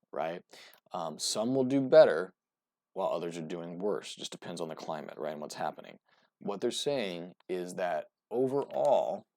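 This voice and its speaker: A man's voice: deep voice, creaky, a little mellow, dry recording, studio quality. A man hosting a casual market commentary. He rambles with lots of fillers and keeps checking in with "right?". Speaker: host.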